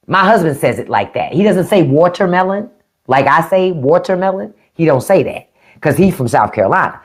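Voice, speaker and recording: A middle-aged woman from the Washington DC area hosts a casual livestream chat. She speaks at an unhurried pace, and her pitch rises and falls in a lively way. She drags words out as she plays with them. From DMV area (Washington DC region). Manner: chatty, drawn-out word play, frequent laughs. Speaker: livestream host.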